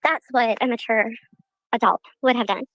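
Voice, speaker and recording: Lecturing woman with a higher voice. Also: fairly even intonation, fairly bright tone, no room sound, rough recording. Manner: measured, self-justifying, lecturing. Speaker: livestreamer defending herself. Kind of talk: recorded livestream talk.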